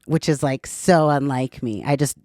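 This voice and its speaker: A woman's voice: extremely low pitch, moderate pace, a little mellow, dry recording, clean studio sound. A woman in her thirties, a podcast guest, telling her story in a candid, chatty way and swearing casually.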